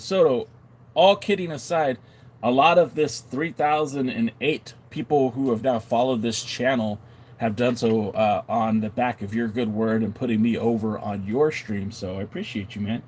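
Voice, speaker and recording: A man hosting a wrestling podcast livestream, casually chatting and reading viewer comments in an animated, joking, mock-indignant way. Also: medium pitch, husky.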